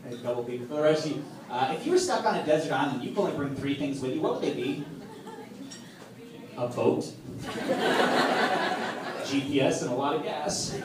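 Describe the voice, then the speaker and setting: Male stand-up comic, slightly high voice, punchy exasperated delivery, echoey club recorded from afar, audience noise behind. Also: animated, fairly quick, long pauses. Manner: punchy, exasperated storytelling with loud outbursts. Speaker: stand-up comedian. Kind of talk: stand-up comedy set. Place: comedy club stage. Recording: echoey club room from a distance. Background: audience laughter and club ambience.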